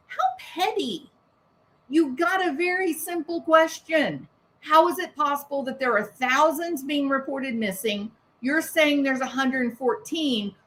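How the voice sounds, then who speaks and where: Sharp-voiced sarcastic woman commentator. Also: high-pitched. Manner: sarcastic, indignant, rhetorical questions. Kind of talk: reaction commentary on a press conference.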